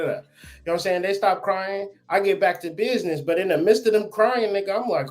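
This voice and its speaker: A man's voice: high voice, normal speed. Blunt, cursing man telling stories. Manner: blunt, profane, animated storytelling. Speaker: guest. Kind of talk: casual podcast chat.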